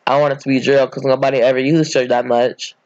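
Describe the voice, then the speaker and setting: A man's voice: medium pitch, flat delivery, fast, darkish tone, no echo. A man casually narrating an improvised fan story, rambling and correcting himself as he goes, on a dull, dry recording.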